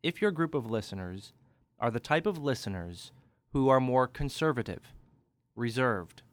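A man's voice: medium pitch, animated, moderate pace, no room sound. A man coaching public speaking in a podcast tip, talking energetically and pushing his inflection up and down for emphasis. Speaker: speech coach.

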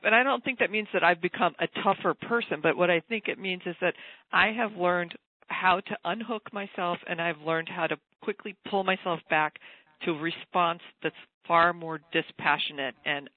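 A woman's voice: fairly low pitch, dry recording. A woman guest speaking reflectively and candidly in a radio interview. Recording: tinny phone line, dry.

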